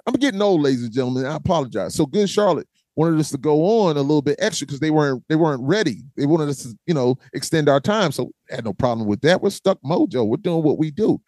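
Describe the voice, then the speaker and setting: A man hosting a fan Q&A, telling lively stories about his band's tours in a casual way, often calling people "man" and acting out voices and chants. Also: a little high, quick pace, hardly any pauses, no echo. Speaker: host answering fan questions; former vocalist of a metal band. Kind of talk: casual storytelling Q&A.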